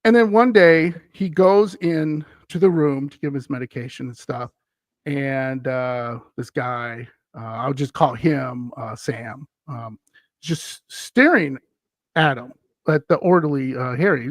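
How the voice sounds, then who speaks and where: A man's voice: medium pitch, a little slow, no room sound, studio quality. A man from Wisconsin, a guest on a paranormal podcast, telling a story in a casual, rambling way with many "uh"s and chuckles. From Wisconsin, USA.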